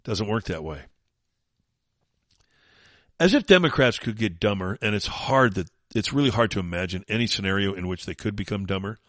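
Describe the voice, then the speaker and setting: A man's voice: fairly low pitch, a bit bright, no room sound, studio quality. A man hosting a talk radio show, delivering a sarcastic, combative opinion monologue.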